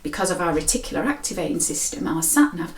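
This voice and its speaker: A woman's voice: on the low side, sing-song, fast talker, a little hiss or hum. A woman, a mind coach telling a story and explaining in a friendly, conversational way. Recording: roomy echo.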